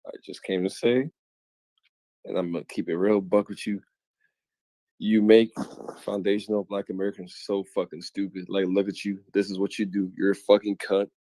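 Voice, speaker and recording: A man's voice: lowish voice, little pitch movement, normal speed, dark tone, dry recording, poor audio. A man calling in to a livestream, arguing with the host in a hostile, insulting, blunt way. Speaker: caller. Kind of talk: heated call-in argument.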